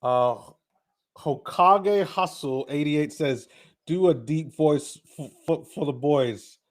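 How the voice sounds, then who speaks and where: A man's voice: a little high, slow pace. A young man hosting a live basketball watch stream, chatting casually, reading viewer comments and often repeating words.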